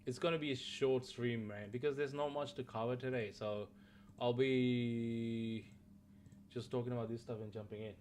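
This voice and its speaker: A man's voice: mid-range voice, steady tone, moderate pace, darkish tone, slight background noise. A man streaming, chatting casually and jokingly with his viewers and swearing a lot. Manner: laid-back, joking, swears a lot, talks to chat. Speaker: gaming streamer. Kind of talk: casual live-stream chat.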